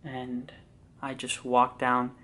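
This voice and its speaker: A young man tells a story to camera in a casual vlog. His talk is excited and loose, packed with fillers and the odd curse word, and his voice sits at a middle pitch. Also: takes it slowly. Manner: excited, chatty, filler-heavy, swears freely. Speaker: vlogger and actor.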